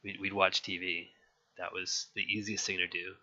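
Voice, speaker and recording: On a dull lo-fi recording, a young man from California frankly describes his childhood to an interviewer in a loose, rambling manner, with many restarts and some swearing. His low-pitched voice barely moves in pitch and sounds bright and forceful at a normal speed.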